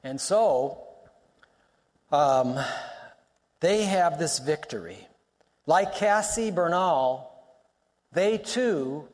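A male pastor preaching a sermon, emphatic, repeating lines for stress and weaving in personal stories. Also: fairly high pitch. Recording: long reverb of a large hall.

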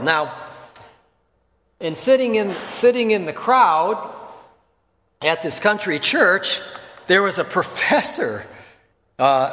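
A man's voice: a little high, a bit bright. Male pastor, conversational sermon delivery with folksy asides, reverberant sanctuary. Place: church sanctuary. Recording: long reverb of a church hall.

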